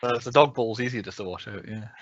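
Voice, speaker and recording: Scottish male podcast host, bright, fast delivery, lo-fi sound. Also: mid-range voice. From Scotland. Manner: animated, quick, laughs often. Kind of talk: casual chat.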